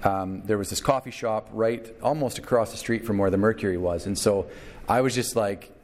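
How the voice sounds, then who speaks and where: A man preaching a sermon, telling a story with lively acted-out quotes. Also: lowish voice, brisk. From Canada. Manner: animated storyteller, acts out quotes. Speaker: pastor.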